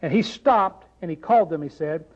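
A man's voice: fairly high pitch, fairly quick, a little mellow, highs cut off. A man preaching a sermon in a conversational way, often asking the congregation rhetorical questions.

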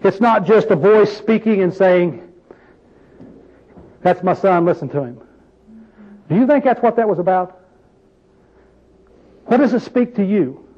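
High-voiced folksy male preacher. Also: measured pace, pauses often, dark tone, muffled recording. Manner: folksy, asks the group questions, plain-spoken. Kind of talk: informal Bible-study sermon.

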